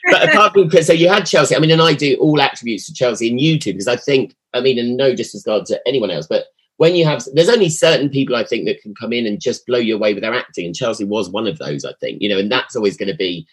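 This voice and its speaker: A man's voice: mid-range voice, expressive, fast, few pauses, slightly rough. A man hosting a podcast, reminiscing in a rambling, reflective way with lots of asides. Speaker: podcast host. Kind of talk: casual conversation.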